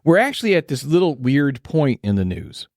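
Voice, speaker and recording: A man co-hosting a casual podcast in a studio, steering the talk with quick teasing remarks. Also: medium pitch, big pitch swings, darkish tone, no echo. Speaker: podcast co-host. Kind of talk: casual banter. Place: recording studio.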